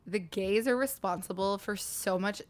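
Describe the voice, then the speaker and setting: A young woman co-hosting a casual podcast, sassy and playful, her voice husky from being sick. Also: mid-range voice. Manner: sassy, playful, drawn-out gushing. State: husky from recent illness. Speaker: podcast co-host. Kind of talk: casual chat.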